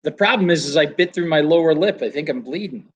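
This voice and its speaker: A man's voice: a little high, animated, quick pace, dull audio. An older man, a flooring trainer, chatting casually and telling stories about the trade with quoted voices. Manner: storytelling with quoted voices and laughs. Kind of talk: casual chat.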